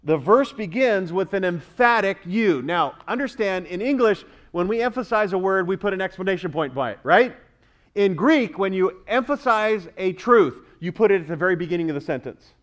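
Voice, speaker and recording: A man, a pastor, preaching a sermon, rising louder on key words and questioning the congregation. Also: high-pitched, lively intonation, moderate pace.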